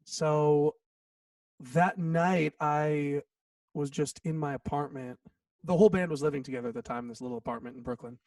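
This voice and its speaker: Animated man telling a songwriting story. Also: on the high side, moderate pace, creaky, no echo, far from the mic. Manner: animated, acts out quotes, says "like" often. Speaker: songwriter guest. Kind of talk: casual storytelling interview.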